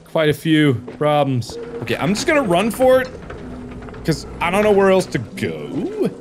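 A man commentating a horror game, excitable and jumpy, with loud reactions and swearing. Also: a little high, moderate pace, noisy background. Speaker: gaming host. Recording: game music in background.

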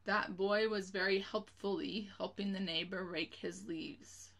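Patient woman teacher, slow and steady, slightly gravelly, spells words out for kids. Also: medium pitch. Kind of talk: spelling lesson for children.

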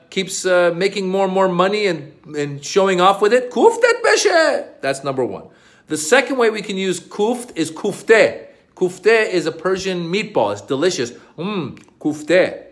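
A middle-aged man who is a comedian, explaining words in a comic way and acting out exasperated outbursts. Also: on the high side. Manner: animated, acts out exasperated outbursts.

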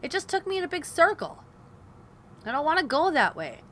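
Young woman, high bright voice, cursing gameplay commentary, faint hiss behind. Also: very animated, a little fast. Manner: frustrated, swearing, talking to herself and viewers. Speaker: gaming video host.

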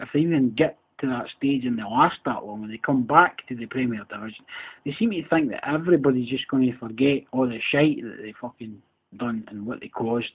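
A husky-voiced Scottish man with a broad Glasgow accent rants on his own podcast, sweary and repetitive after a few beers. His heated delivery comes through a tinny, phone-like recording. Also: mid-range voice. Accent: Scottish, Glaswegian. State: a bit drunk. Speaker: podcast host. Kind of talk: angry solo rant.

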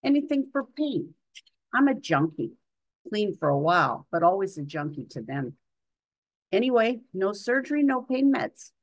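A woman's voice: medium pitch, very animated, moderate pace, highs cut off, pitched above the performer's own voice. A woman voicing a weary, bitter older female hospital patient who talks plainly and sounds resigned, with folksy grammar.

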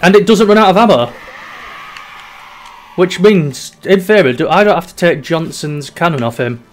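A man's voice: on the high side, lively intonation, moderate pace. A young man giving casual, sweary commentary while playing a video game. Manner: chatty and sweary, drifting between mock despair and giggles. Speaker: gaming YouTuber.

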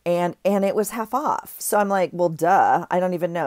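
A woman's voice: fairly low pitch, lively intonation, moderate pace, hardly any pauses, darkish tone, no room sound, studio quality. A middle-aged woman gushing over craft finds in a rambling, casual haul chat, often breaking off mid-sentence. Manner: gushing, rambling, self-interrupting. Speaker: craft vlogger.

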